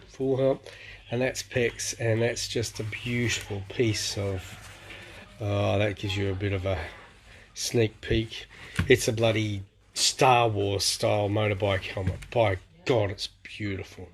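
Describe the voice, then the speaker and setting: A man's voice: lowish voice, level tone, a little slow, a little hiss or hum. A man, chatting casually on a live stream and showing things around a house. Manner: chatty, exclaims often, swears lightly.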